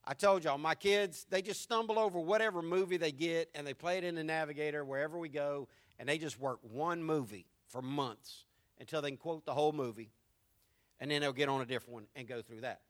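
A middle-aged man preaching a sermon, emphatic and repeating his key phrases, swinging between loud stresses and hushed lines. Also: fairly high pitch, brisk. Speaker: pastor.

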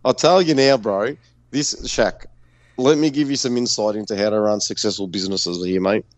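An Australian man co-hosting a podcast, telling a story in animated, profane, casual banter. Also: lowish voice, moderate pace, dry recording. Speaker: podcast co-host.

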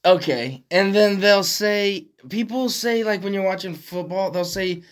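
A man co-hosting a podcast in casual chat, throwing in short wisecracks and quick asides. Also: high-pitched. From Oregon. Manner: wisecracking, short interjections, laughs often. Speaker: podcast co-host.

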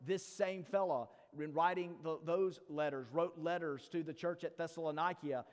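Pastor, male, higher-pitched voice; brisk scripture reading, then slow, questioning sermon delivery; long hall reverb. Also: steady tone. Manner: reads scripture briskly, then preaches slowly with rhetorical questions; playful asides to the congregation.

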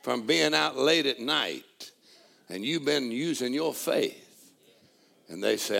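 Gravelly-voiced man preaching with fervor. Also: animated, takes it slowly, long pauses. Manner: call-and-response preaching, swings from low murmurs to shouted praise. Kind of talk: sermon.

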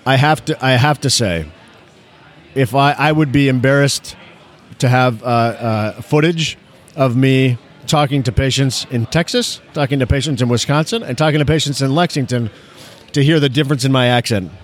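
A man's voice: mid-range voice, moderate pace. Stammering man chatting as a guest. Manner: stammering, repeats words, many fillers. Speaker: emergency physician and guest. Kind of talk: casual interview chat.

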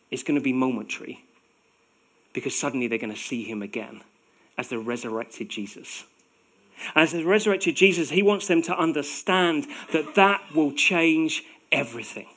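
A man's voice: mid-range voice, fairly bright tone. A man in his forties preaching a sermon in a conversational way, with self-deprecating humor.

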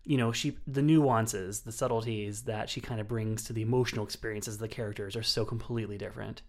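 A man's voice: on the low side, steady tone, fast talker, darkish tone. A man co-hosting a film podcast, talking about movies with enthusiasm and frequent restarts. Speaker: podcast co-host. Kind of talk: casual film review chat.

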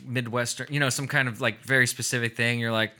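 A man's voice: mid-range voice, fairly even intonation, fast, bright, forceful tone. A young man co-hosting a casual gaming podcast, riffing playfully and often trailing off mid-sentence. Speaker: podcast co-host.

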